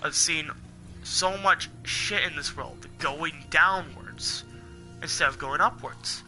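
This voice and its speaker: A man's voice: on the high side, takes it slowly, pushed and bright, soft background music. A young man ranting heatedly to his viewers, swearing a lot and rambling as he vents. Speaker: gaming channel host. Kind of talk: angry ranting monologue.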